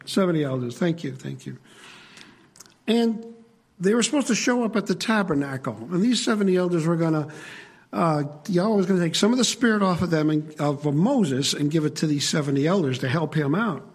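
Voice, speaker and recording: A preacher gives a sermon in a slightly husky voice that is a little high for a man. He speaks conversationally to the congregation, pausing to ask them questions, in an animated and fairly quick manner.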